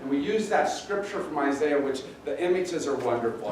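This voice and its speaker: A pastor preaching a sermon in a conversational, halting way, often repeating words. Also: male voice, medium pitch, a little hiss or hum. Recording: roomy echo, distant mic, faint ambience.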